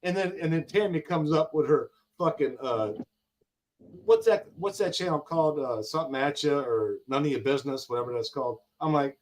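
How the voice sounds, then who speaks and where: A man's voice: a little high, fairly quick. An older man with grandkids, talking in a heated, emphatic way on a casual live stream, full of slang and repeated lines. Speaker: guest on a live gig-driver talk show.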